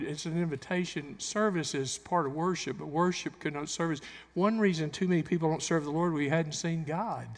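A pastor preaching a sermon in a church, swinging into loud emphatic bursts and acting out the quotes he cites. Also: fairly high pitch. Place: church sanctuary. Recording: long hall reverb.

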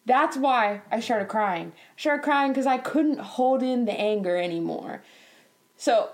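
A young woman telling a work story in a casual vlog, animated and exasperated, laughing often, her voice climbing higher when upset. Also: takes it slowly, long pauses.

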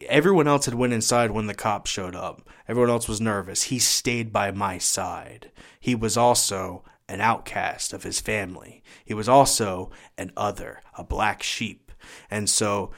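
A man giving a personal testimony as a guest, earnest and halting, often repeating his words. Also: lowish voice, a bit bright. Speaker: guest sharing his life story.

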